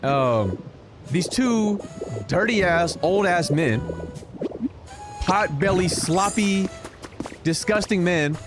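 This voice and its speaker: Animated, profane male streamer. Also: high-pitched. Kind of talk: casual storytelling while gaming. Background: game music.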